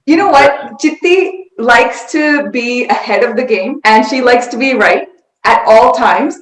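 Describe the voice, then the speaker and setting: A woman telling a family story in a casual group chat, animated and laughing as she talks. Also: fairly high pitch, slow pace. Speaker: niece sharing a memory. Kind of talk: casual storytelling on a video call. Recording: echoey room with faint noise.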